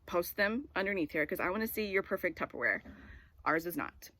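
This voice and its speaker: A woman's voice: on the low side, expressive, a little fast, sharp tone. A woman in her forties giving a casual devotional talk. She tells a personal story in a rambling way with many filler words. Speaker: devotional speaker.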